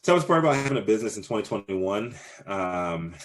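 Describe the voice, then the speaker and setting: A man's voice: fairly low pitch, very animated, a little fast, slight background noise. A man in his thirties answering interview questions casually, rambling with many fillers and restarts. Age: 30s. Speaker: cannabis business owner, guest.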